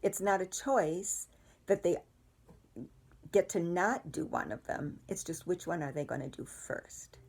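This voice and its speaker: A middle-aged woman, calmly and patiently explaining parenting ideas with everyday examples. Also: fairly low pitch, measured pace, gravelly, breathy edge. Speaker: parenting educator. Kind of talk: instructional talk to parents.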